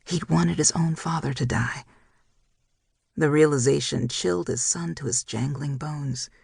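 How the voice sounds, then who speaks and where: An audiobook narrator reading a dramatic romance novel in a measured storytelling style. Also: mid-range voice, vocal fry, darkish tone, husky, no room sound, studio quality. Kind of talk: scripted narration.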